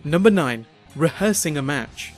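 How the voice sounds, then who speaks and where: Man, countdown voice-over, measured explanatory delivery, slightly raised pitch, soft music underneath. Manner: measured, reads numbered entries in an even explanatory tone. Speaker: narrator of a countdown video. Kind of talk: scripted narration.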